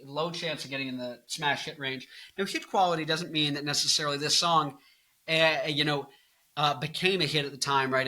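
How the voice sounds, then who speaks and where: A man's voice: fairly high pitch, rough recording. A man in his early twenties, a tired rock singer hosting his own channel, talking casually and zanily about music with bursts of mock anger. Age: early 20s. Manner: zany, bursts into loud off-key singing and mock anger. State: tired late in the day.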